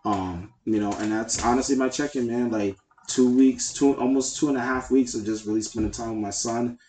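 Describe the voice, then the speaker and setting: A man's voice: medium pitch, steady tone, fairly quick, a little mellow. A man co-hosting a podcast in casual chat, speaking in a heartfelt, rambling way with lots of fillers. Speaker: podcast co-host. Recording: echoey room.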